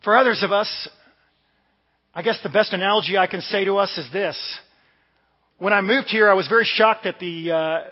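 High-voiced pastor in a reverberant hall. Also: male voice, moderate pace, pauses often. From Washington DC area, US. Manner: conversational, storytelling with asides. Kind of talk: sermon. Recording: dull sound with long hall reverb.

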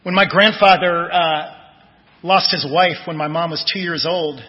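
A man pastor preaching a sermon in a conversational way, telling personal stories and letting his phrases trail off softly. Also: a little high, fairly even intonation, unhurried. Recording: dull lo-fi audio with long church reverb.

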